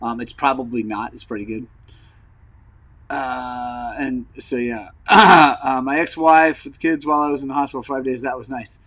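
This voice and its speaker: A man hosting a motorcycle channel in casual rambling vlog chat, frank and frustrated, with lots of fillers and throat clearing, recovering from an injury. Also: mid-range voice, fairly even intonation, normal speed, fairly bright tone, low-quality recording. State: recovering from injury, wearing a brace.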